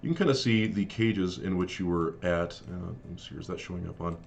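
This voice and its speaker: A man running a live-streamed tabletop game as game master, talking in a halting way with many fillers and apologies. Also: sits low, creaky, highs cut off, a little hiss or hum.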